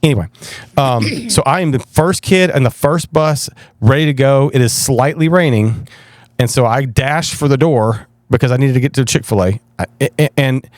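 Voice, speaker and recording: A man, talking at a middle pitch in a dry, close recording. He tells stories in an animated, self-deprecating way and often restarts his sentences. He sounds relaxed, as in a casual chat. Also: moderate pace, no echo. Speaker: pastor guest.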